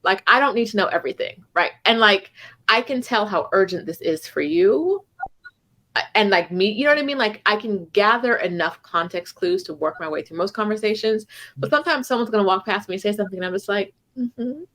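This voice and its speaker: Chatty woman telling lively stories. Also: mid-range voice, a little fast. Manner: animated storytelling with lots of "like" and "right?". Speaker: co-host. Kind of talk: casual chat. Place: home in Mexico City.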